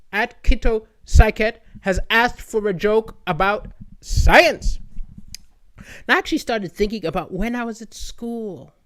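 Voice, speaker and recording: High-voiced chatty male comedian. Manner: chatty storyteller, rising to excited emphasis. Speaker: comedian hosting a live stream. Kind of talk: stand-up comedy answering viewer comments. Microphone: streaming microphone with adjustable levels.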